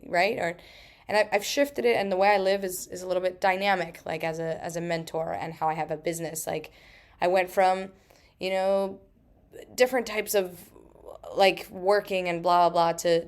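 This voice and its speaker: A woman in her thirties hosting a solo podcast, talking emphatically with frequent swearing and quick asides. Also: lowish voice. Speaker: podcast host.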